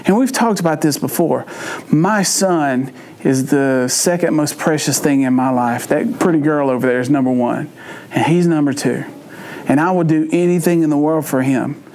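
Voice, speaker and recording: A man's voice: fairly high pitch, moderate pace, darkish tone, slight background noise. Folksy Cajun man preaching. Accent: Cajun Louisiana. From Louisiana. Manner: folksy, jokey, acts out family voices in his stories. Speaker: youth pastor. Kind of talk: storytelling sermon.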